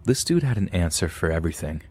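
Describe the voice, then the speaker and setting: Deep-voiced man reading a scary story. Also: big pitch swings, fast talker, a little mellow, slight background noise. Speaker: podcast host reading a story.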